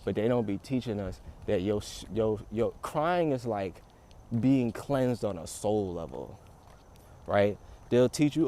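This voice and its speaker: A young man livestreaming outdoors, talking in a casual, rambling, profane and animated way, often laughing. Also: on the low side, unhurried. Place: outdoors in a city.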